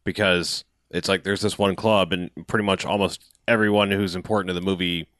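A man's voice: deep voice, steady tone, fairly quick, fairly bright tone, no room sound, studio quality. A man in a casual movie review chat, rambling and hesitant as he recaps scenes. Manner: rambling, hesitant, full of fillers. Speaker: podcast co-host.

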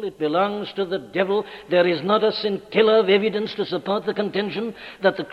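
A man preaching a sermon in a church, speaking emphatically and building to forceful declarations. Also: high-pitched, a little fast, few pauses. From Wales. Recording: dull archival recording in a large reverberant church.

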